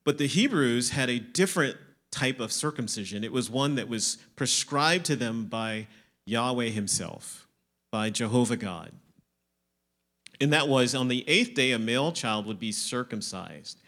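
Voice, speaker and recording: A man preaching a sermon, explaining scripture, asking questions and answering them himself, moving between emphatic lines and quieter ones. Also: medium pitch, expressive, a little slow. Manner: explanatory, asks and answers his own questions.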